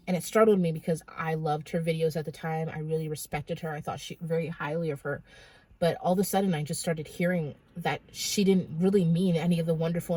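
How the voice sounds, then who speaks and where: A woman's voice: low-pitched, darkish tone, poor audio. A woman vlogger telling a dream testimony in a rambling, dramatic way with many fillers. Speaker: Christian vlogger.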